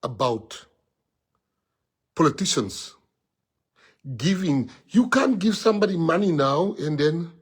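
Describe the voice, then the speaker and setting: A man's voice: on the high side, sing-song, slow, long pauses, slightly rough. A man with a South African accent, a party leader telling a colloquial, laughing story to members.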